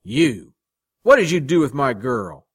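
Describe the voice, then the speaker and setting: A hot-headed young tough who shouts and threatens, as a male reader acts him out, his voice pushed loud and high. The recording is dry and close, with no room around it. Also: big pitch swings, unhurried, breathy edge, dry recording, full character voice. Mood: furious. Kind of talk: audiobook reading.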